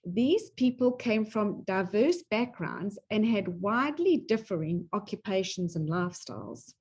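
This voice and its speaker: A middle-aged woman co-hosting a relationship talk, speaking slowly and expressively. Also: mid-range voice, slightly rough. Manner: slow and expressive. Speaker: co-host and presenter. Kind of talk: presenting talk.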